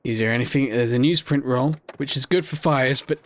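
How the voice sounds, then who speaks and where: A man's voice: mid-range voice, a little fast, a little hiss or hum. A man hosting a let's play, giving playful, self-mocking gameplay commentary. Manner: playful, self-mocking, jokes while playing.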